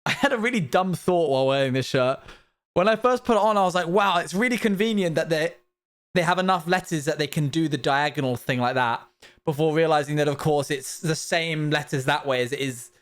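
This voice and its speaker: A man's voice: on the high side, a little fast. A young man hosting a casual livestream from his desk, rambling and laughing at himself as he chats. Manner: rambling, giggly, self-mocking. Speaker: livestream host.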